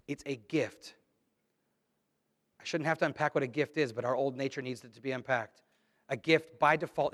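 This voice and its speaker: A man's voice: a little high, fairly bright tone. Man preaching in an echoey church. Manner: emphatic, conversational preaching with scripture reading. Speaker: pastor. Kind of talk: sermon. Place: church sanctuary.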